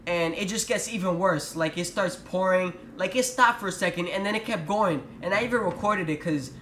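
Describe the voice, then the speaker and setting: High-voiced, profane young New man. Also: fairly quick, a bit bright, a little hiss or hum. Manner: profane, exasperated ranting. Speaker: vlogger. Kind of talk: storytime vlog. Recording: roomy echo.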